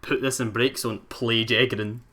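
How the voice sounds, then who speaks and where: A man's voice: mid-range voice, level tone, moderate pace, bright, forceful tone. A man co-hosting a podcast, joking, laughing and repeating his words in casual chat. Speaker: podcast co-host.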